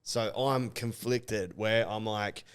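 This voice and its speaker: A man's voice: on the low side, takes it slowly, clear, resonant tone. A man co-hosting a podcast, telling stories in casual chat, swearing freely and acting out what others said. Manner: swearing, animated storytelling with acted quotes. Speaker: podcast co-host.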